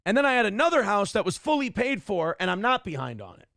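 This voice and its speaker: Brief: middle-aged male streamer, blunt and profane, slightly high gravelly voice. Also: very animated, fast talker, a bit bright, no room sound, studio quality. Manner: blunt, ranting, swears freely. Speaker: streamer host reading chat. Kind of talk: casual livestream commentary.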